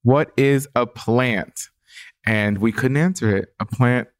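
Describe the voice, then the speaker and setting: A woman's voice: extremely low pitch, slow, dry recording, clean studio sound. A woman co-hosting a podcast, chatty and giggly in casual talk. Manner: giggly, chatty, quotes lyrics. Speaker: podcast co-host. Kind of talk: casual chat.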